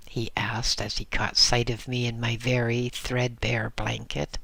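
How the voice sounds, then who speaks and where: A man giving a measured, unhurried first-person audiobook narration. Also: mid-range voice, level tone, vocal fry, sharp tone, no echo. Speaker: audiobook reader.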